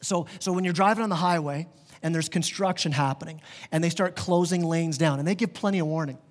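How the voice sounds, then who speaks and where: A man's voice: fairly high pitch, a little fast. A man preaching a sermon as pastor, earnest and conversational, with vivid everyday examples. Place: church sanctuary. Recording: long reverb of a large church hall.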